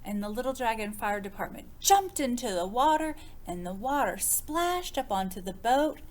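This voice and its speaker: A woman, a children's librarian, reading a picture book aloud with expressive, child-directed storytelling and questions to her young listeners. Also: a little high, moderate pace.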